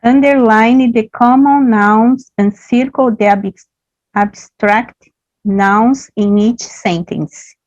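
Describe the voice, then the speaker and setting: A woman student learning English, answering grammar questions haltingly and restarting words. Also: a little high, darkish tone, no echo, lo-fi sound. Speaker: adult student. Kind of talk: reading and answering in class.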